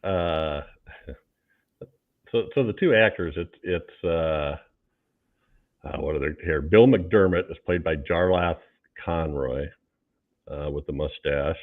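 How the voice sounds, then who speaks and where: A man with a low voice on a film review podcast, pausing and filling with ums as he checks cast facts. His sound comes through thin and tinny, like a phone line. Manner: hesitant, many ums, looks up cast facts. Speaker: podcast co-host. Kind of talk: casual film review chat.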